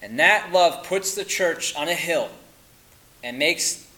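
A man preaching a sermon, emphatic and insistent, firing rhetorical questions and dropping to quiet at the ends of lines. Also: fairly high pitch, lively intonation, slow pace, poor audio.

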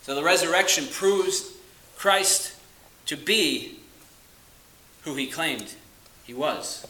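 A man preaching a sermon with a bright, forceful voice. He is earnest and emphatic, leaning slowly on key words and then dropping low. The room around him rings with echo. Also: expressive. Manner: earnest, emphatic, with slow stressed phrases and dropping to quiet asides.

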